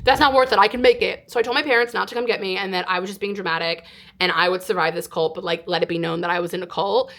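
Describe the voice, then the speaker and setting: A woman in her twenties from California, telling a personal story to camera in a casual, animated way with lots of "like". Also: fairly low pitch, fast talker. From California, United States. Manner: animated, exaggerated retelling with frequent "like". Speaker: vlogger. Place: indoors, sit-down filming.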